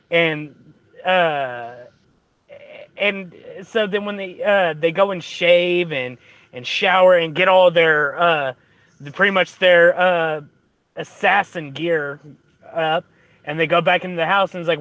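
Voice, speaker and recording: A man's voice: fairly high pitch, a bit bright, dry recording. A man telling a movie plot in casual chat, rambling through fillers and restarts.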